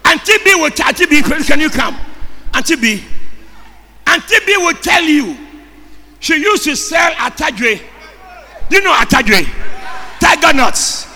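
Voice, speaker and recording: A Ghanaian man preaching a sermon in a shouting, call-and-response style. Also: very high voice, big-room sound. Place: church service. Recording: preaching over loud music.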